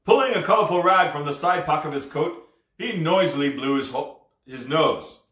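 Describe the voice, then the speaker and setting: A man's voice: a little high, expressive, normal speed, fairly bright tone, echoey room. A man reading a novel aloud expressively, with casual asides. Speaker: storybook reader.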